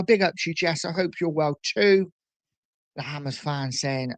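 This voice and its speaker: A man hosting a casual livestream, chatting and reading out viewer comments in a relaxed, rambling way. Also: on the high side, a little slow, no room sound. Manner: relaxed and chatty, lots of fillers and repeats. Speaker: livestream host. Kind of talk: casual live-stream chat reading comments.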